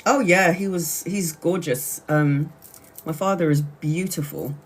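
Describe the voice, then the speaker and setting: A woman's voice: low voice, unhurried, husky. A chatty woman from Brazil hosts a casual livestream. She laughs often and keeps restarting her sentences as she talks. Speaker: tarot reader livestream host.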